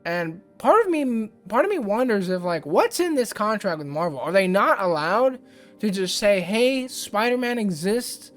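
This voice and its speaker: A man's voice: high-pitched, very animated, normal speed, soft background music. A man hosting a casual ranting commentary vlog, rambling and exasperated, with lots of fillers. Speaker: YouTube host.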